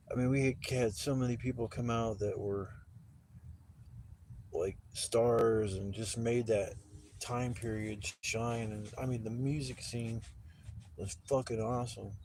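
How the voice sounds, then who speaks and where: A man in his forties hosts a casual livestream outdoors at a campsite, telling rambling stories in a laid-back, profane way and acting out the voices of the people in them. His mid-range voice has a dark tone, with slight background noise.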